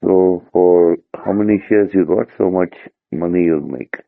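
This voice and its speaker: Gravelly tutor on a tinny line. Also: male voice, low-pitched, measured pace, dry recording. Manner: patient explainer, checks in with "right?". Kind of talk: explaining a term to a student. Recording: dry, tinny phone-like line.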